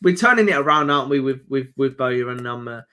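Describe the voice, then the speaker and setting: A man's voice: medium pitch, expressive, racing, pushed and bright. A man co-hosting a football fan live stream, reading out comments and fixtures in an easygoing way. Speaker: co-host reading donations and comments. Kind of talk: casual live stream reaction chat.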